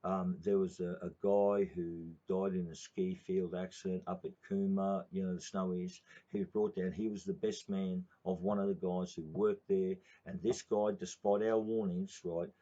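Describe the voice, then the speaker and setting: A man's voice: sits low, level tone, normal speed, hardly any pauses, dark tone. An older man with an Australian accent telling a rambling, profane story in casual talk, calling the listener mate. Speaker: union organiser. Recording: dull lo-fi recording.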